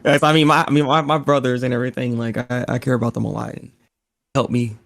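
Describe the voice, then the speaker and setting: A man's voice: medium pitch, level tone, fast, vocal fry, fairly bright tone, dry recording, clean studio sound. A man co-hosting a casual chat, stammering and repeating words, laughing often. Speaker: podcast co-host.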